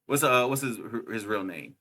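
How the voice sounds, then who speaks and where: Excitable, slangy young man with a bright voice. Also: mid-range voice, normal speed. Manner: excitable, laughs a lot, slangy with frequent "bruh". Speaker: podcast co-host. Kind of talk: casual chat.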